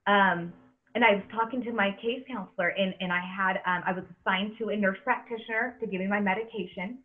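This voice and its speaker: A woman's voice: mid-range voice, steady tone, a little fast. A woman in her thirties hosting a podcast, speaking earnestly and with emphasis, often repeating words as she talks. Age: 30s. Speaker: podcast host. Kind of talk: casual podcast chat. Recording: tinny phone-like audio.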